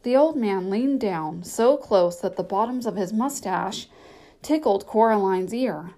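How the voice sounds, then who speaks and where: Woman reading a storybook aloud, mellow. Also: mid-range voice, unhurried. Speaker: narrator. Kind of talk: audiobook narration.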